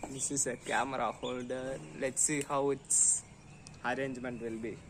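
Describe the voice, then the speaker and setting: A man with an Indian English accent, chatting slowly through an unboxing vlog, humming and making sound effects as he goes. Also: medium pitch, level tone, background noise. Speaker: vlogger.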